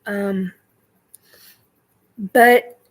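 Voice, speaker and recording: A middle-aged woman hosting a spiritual livestream chat, talking in a halting way with many ums and self-corrections while she answers viewer questions. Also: mid-range voice, steady tone, poor audio.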